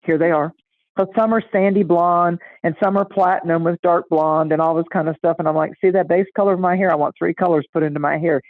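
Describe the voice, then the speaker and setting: Animated woman on a tinny phone line. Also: lowish voice, quick pace, dry recording. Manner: animated, acts out voices in anecdotes. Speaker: astrology guest. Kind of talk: casual storytelling chat.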